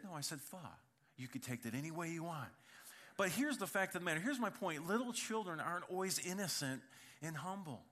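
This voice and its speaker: Bright-voiced male pastor telling stories. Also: fairly high pitch, expressive, fairly quick. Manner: humorous, conversational, addresses congregation directly. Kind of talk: sermon with storytelling. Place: church.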